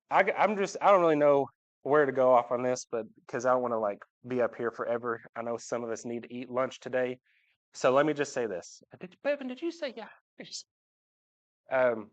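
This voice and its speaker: A man, speaking to his church congregation about his family in a joking, heartfelt way. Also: mid-range voice. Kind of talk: personal church talk. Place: church sanctuary, at the front. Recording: dull livestream audio.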